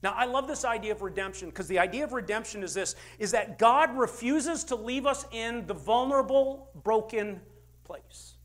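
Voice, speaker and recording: High-voiced emphatic male pastor. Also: lively intonation, moderate pace, fairly bright tone. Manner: emphatic, dynamic swings in pitch and volume. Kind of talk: sermon.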